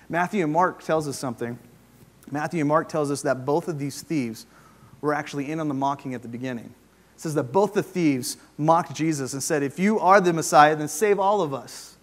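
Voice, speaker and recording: A man preaching a sermon, moving between loud emphasis and hushed, quiet passages as he retells a scripture story. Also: on the high side. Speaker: pastor. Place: church sanctuary.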